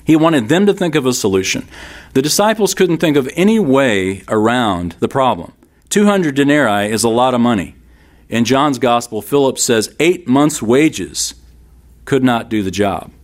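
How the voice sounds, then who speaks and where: Emphatic male Bible teacher, lively pitch. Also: moderate pace. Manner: emphatic, repeats key lines, addresses listeners directly. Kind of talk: sermon-style Bible teaching.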